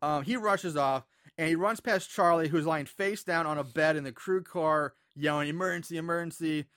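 A man's voice: on the high side, normal speed, smooth, no echo, studio quality. A man casually recapping a film's plot for a co-host, acting out the characters' lines with laughter. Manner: animated retelling with acted-out quotes and laughs. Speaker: podcast co-host recapping a film. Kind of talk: casual chat.

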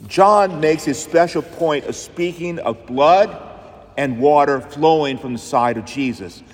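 A male pastor preaching a sermon in an emphatic, rhythmic style, leaning on repeated phrases. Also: on the high side. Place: church. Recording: long church reverb.

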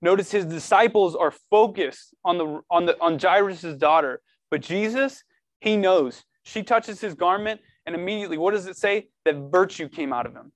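High-voiced earnest young preacher. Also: male voice, moderate pace, no echo. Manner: earnest, animated preaching with casual slang. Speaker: youth preacher. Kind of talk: sermon to a youth group. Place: church room.

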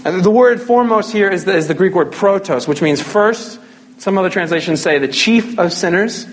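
High-voiced man preaching casually. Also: normal speed, slight background noise. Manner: casual, conversational preaching with jokes. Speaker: pastor. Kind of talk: sermon.

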